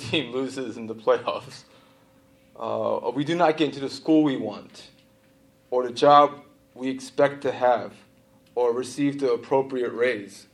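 A man preaching a sermon to a congregation, with a conversational style full of "right?" asides and quick laughs. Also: medium pitch. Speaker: pastor.

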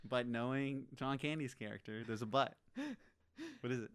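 A man's voice: medium pitch, normal speed, clean tone. A man casually discussing a film, swearing now and then and theorizing about the characters.

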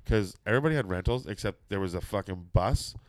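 Speaking quickly in a fairly low pitch, this middle-aged man spins a lengthy, profanity-laced anecdote in a casual chat and voices the people involved. There's no room sound on the recording.

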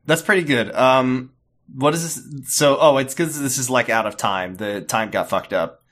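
A man's voice: medium pitch, moderate pace, fairly bright tone. A man cohosting a comedy podcast, throwing in crude jokey asides and laughing often. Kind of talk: casual comedy recap chat.

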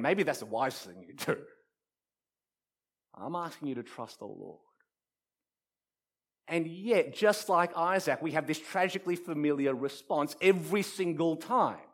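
A man preaching a sermon, telling stories dramatically and building up repeated phrases, shifting from quiet to loud. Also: a little high, husky. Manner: dramatic storytelling with wide swings from soft to loud; repetitive rhetorical build-ups.

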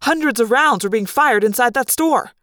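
A woman reading a novel aloud in an expressive first-person narration. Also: on the high side, moderate pace, dry recording, clean studio sound. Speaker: audiobook reader. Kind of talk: fan read-aloud narration.

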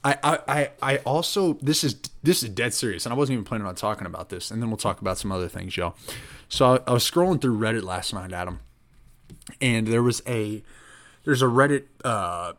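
Guy hosting a podcast, chatty and rambly, says like a lot, all worked up telling a story. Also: lowish voice. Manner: rambling, animated, heavy use of "like". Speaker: podcast host. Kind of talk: casual storytelling chat.

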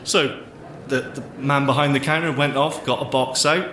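A man's voice: medium pitch, fairly even intonation, normal speed, fairly bright tone. A man co-hosting a podcast, teasing his partner and laughing at his own joke. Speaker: podcast co-host. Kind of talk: playful comedy banter and joke telling. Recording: echoey room with faint noise.

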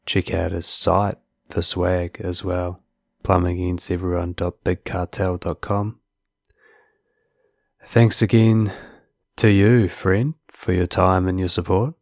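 A man's voice: low voice, creaky, dry recording, clean studio sound. A man hosting a podcast, talking earnestly in casual chat and restarting his words often. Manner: earnest, repeats words when starting sentences. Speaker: podcast host. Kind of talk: casual interview chat and outro.

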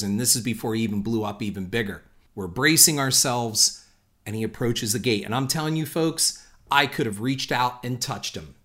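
Animated man telling a personal story. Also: mid-range voice. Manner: animated, conversational, addresses listeners as folks. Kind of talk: storytelling anecdote.

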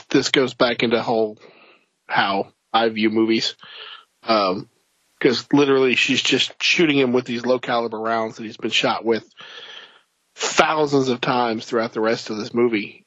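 A man co-hosting a casual movie review chat, stammering and mocking scenes with animated outbursts. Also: medium pitch, no room sound, highs cut off. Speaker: podcast co-host.

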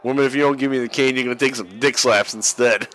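A man's voice: mid-range voice, fairly even intonation, quick pace, fairly bright tone. A man co-hosting a podcast, calling a wrestling match in a crude, joking way and laughing often. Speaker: podcast co-host watching wrestling. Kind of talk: casual watch-along commentary.

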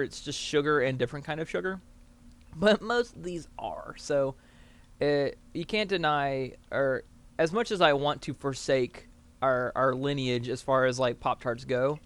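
A man's voice: a little high, a bit bright. A man from the American South, co-hosting a podcast in casual, rambling chat full of fillers. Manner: rambling, filler-heavy, laughs often. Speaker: podcast co-host.

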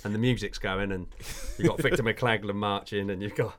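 A man's voice: fairly low pitch, a little fast, a bit bright. A man chatting about a film in a rambling, hesitant way, with many fillers. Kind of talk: casual film discussion.

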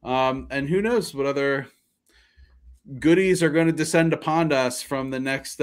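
A man with a fairly high voice hosts a casual sports podcast. His pitch moves around a lot, and he runs through the outro plugs at a quick clip. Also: faint music behind. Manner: lively, reads outro briskly. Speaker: podcast host.

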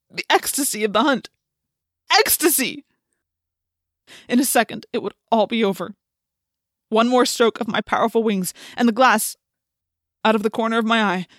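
A woman's voice: medium pitch, no echo, clean studio sound. Dramatic woman narrating an audiobook. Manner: dramatic, intense first-person storytelling. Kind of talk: scripted first-person audiobook narration.

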